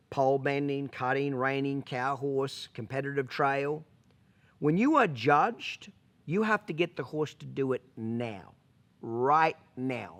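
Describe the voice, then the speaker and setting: Brief: outspoken male horse trainer, swearing freely, a bit high-pitched, talking to camera. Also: a bit bright. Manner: blunt and profane, keeps asking "okay?". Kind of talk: casual monologue to camera.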